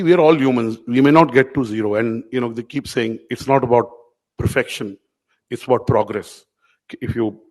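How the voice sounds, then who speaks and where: A middle-aged man who owns a media company speaks to award winners in an event hall, his voice medium-pitched and the audio poor. His keynote is informal, full of anecdotes, and he addresses people in the audience by name.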